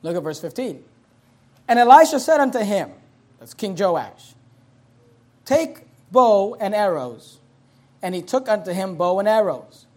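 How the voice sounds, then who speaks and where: A man delivers a sermon from the pulpit, moving between measured scripture reading and fired-up exhortation. His voice climbs and shouts as he presses a point, then drops back to a conversational tone. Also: high voice, sing-song. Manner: preaching with rising, shouting emphasis; reads scripture in King James English. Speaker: pastor.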